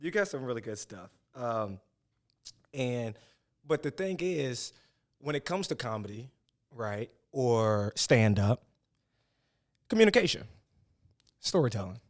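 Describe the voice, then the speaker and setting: A man's voice: mid-range voice, very animated, measured pace, long pauses. Man hosting a friendly interview. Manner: encouraging, laughs along, rambling questions. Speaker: podcast host and coach. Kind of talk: casual interview.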